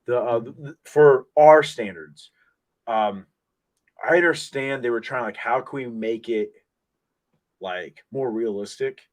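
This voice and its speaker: A man hosting a casual podcast, talking in an excitable, rambling way full of restarts, into a desk mic. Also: mid-range voice, unhurried. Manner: excitable, rambling fan talk with many restarts. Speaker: podcast host. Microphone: desk microphone.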